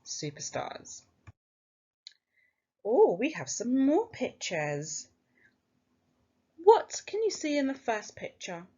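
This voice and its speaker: A woman teacher with an English accent leads a phonics lesson for young children, slowly sounding out letters and praising them in an encouraging, sing-song way. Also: a little high, wildly swooping pitch, dark tone, lo-fi sound. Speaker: primary school teacher.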